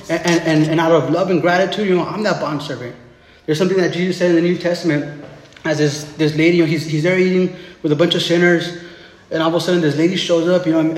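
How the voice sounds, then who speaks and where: Male pastor, slightly high-pitched, chatty sermon delivery with lots of restarts, recorded in a reverberant hall. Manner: conversational, tag questions and restarts. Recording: echoey hall with long reverb.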